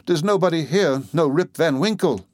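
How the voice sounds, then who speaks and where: A man's voice: a little high, a little slow, no room sound, pitched above the performer's own voice, natural voice. A man voicing a bewildered old man named Rip, lost and pleading, his voice raised and strained.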